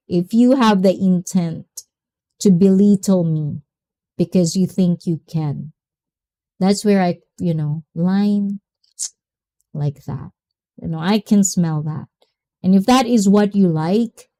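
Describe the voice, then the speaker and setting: A woman hosts a livestream, reading comments, greeting viewers by name and chatting casually with effusive exclamations. Her voice is on the low side and warm.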